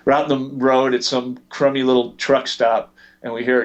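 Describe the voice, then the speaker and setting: A man's voice: medium pitch, level tone, moderate pace, few pauses, lo-fi sound. A man telling long anecdotes as an interview guest, full of fillers and restarts. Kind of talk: storytelling in a podcast interview.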